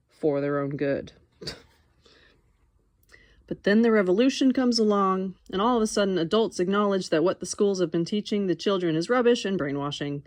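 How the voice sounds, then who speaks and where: A young woman reads a nonfiction book aloud, her voice sitting a little low. The recording is dry and close, with no room sound. She reads expressively and drops in wry, casual asides of her own. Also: no room sound. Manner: expressive, wry, breaks off to comment and laugh. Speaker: audiobook reader.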